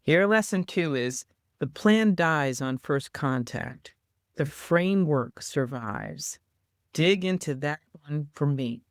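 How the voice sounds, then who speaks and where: A man's voice: fairly high pitch, takes it slowly, dry recording, studio quality. A man hosting an interview, chatty and enthusiastic, introducing topics and asking questions. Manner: enthusiastic, chatty, animated when paraphrasing. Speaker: host and entrepreneur coach.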